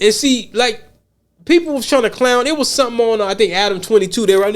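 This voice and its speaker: A man's voice: very high voice, animated, brisk. An American man hosting a podcast, talking casually and rambling, often repeating words as he restarts. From United States. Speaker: podcast host.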